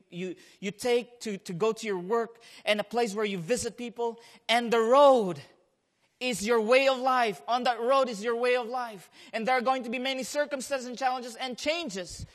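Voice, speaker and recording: A man preaching a sermon as pastor, swinging between hushed and loud delivery and often repeating phrases as he goes. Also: high voice.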